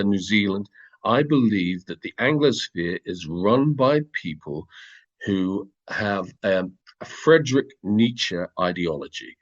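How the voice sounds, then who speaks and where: A British man with a low, husky voice speaks with emphatic stress, building long lists as he argues. His audio comes through muffled and lo-fi, as over a video call. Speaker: guest, former local party chairman. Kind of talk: impassioned political interview.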